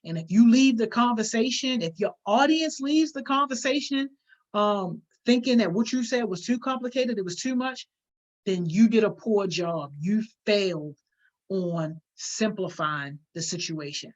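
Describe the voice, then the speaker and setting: A woman's voice: medium pitch, lively intonation, unhurried. A woman teaching public speaking in a live online workshop, talking in an emphatic, conversational way with everyday slang. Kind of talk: live-streamed workshop, reading viewer comments. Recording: dull lo-fi stream audio.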